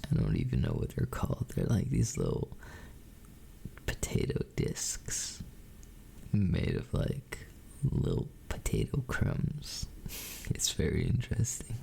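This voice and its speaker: A man streaming a whispered role-play, greeting his chat in slow, doting whispers and calling them sweetheart. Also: sits low, wildly swooping pitch, creaky, mellow, a little hiss or hum.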